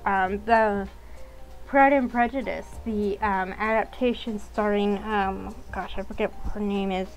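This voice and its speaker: A woman's voice: medium pitch, steady tone, a little slow, faint music behind, rough recording. A young woman chatting casually while playing a story game, rambling along with frequent ums. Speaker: game streamer.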